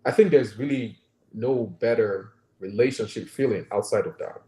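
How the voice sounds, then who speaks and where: This conversational interview features a doctor with a Nigerian accent whose mid-range voice has a dark tone and normal speed. He is earnest and reflective, regularly checking in with "right?". There is roomy echo on the recording.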